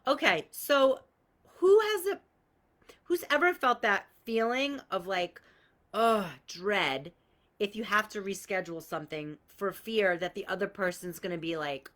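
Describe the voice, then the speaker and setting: A woman's voice: medium pitch, a little slow, fairly bright tone. A woman hosting a live coaching call, talking bluntly and swearing freely as she gives everyday examples and greets viewers by name. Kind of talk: casual live-stream coaching talk.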